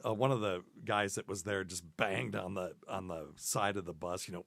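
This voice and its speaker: Self-mocking male podcast host, low voice. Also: fairly even intonation, normal speed, vocal fry, few pauses, noisy background. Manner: rambling, self-deprecating, laughs at his own stories. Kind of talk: casual storytelling chat.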